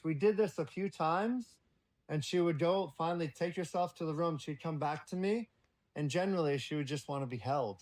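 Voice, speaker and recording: A man's voice: a little high, normal speed. Blunt, profane male podcast guest. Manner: blunt and profane, lively storytelling. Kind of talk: casual podcast conversation.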